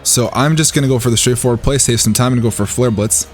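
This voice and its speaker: A man's voice: medium pitch, fast, faint music behind. A man casually commentating his own competitive match, thinking aloud and cheering his plays. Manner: excitable, thinks aloud, talks to the opponent.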